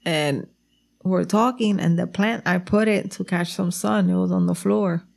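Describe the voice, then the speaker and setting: A woman with a gravelly edge tells a funny story in loose, animated chat. She switches between English and Spanish mid-sentence and swears freely, laughing often as she talks. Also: on the low side, measured pace. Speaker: girlfriend telling stories about her partner.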